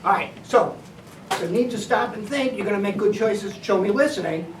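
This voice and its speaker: A woman's voice: medium pitch, normal speed. Woman teacher, directive and step-by-step, recorded from across an echoey classroom. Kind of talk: classroom behavior lesson. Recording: echoey room, distant mic, background noise.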